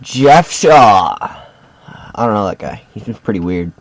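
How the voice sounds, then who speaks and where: A man's voice: deep voice, a little slow. A man co-hosting a casual chat, cracking teasing, dry jokes. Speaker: co-host of a card collecting channel.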